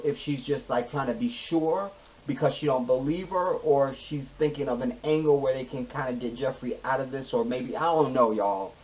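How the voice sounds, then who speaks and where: A man giving a casual, animated recap of a TV episode, chatting with his viewers. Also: mid-range voice. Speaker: TV show reviewer. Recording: slightly muffled, faint hiss.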